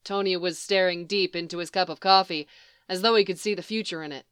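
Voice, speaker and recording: A woman reading fan fiction aloud in an even storytelling manner. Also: lowish voice, a little fast, clear, resonant tone, dry recording, studio quality. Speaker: reader.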